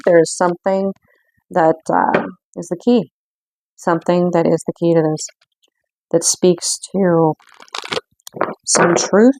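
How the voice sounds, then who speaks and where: A woman giving an intuitive card reading in an earnest, reflective way, with frequent pauses. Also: fairly low pitch, a little mellow. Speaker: spiritual card reader.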